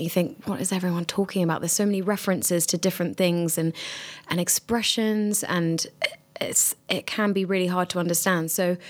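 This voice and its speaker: A young adult woman, a drama student, answering interview questions casually with many fillers and restarts. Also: on the low side.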